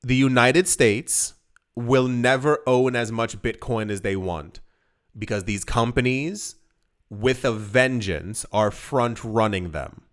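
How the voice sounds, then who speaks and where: Man, crypto video host, emphatic, repeats himself, stumbles over words, medium pitch. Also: takes it slowly. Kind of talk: casual direct-to-camera commentary.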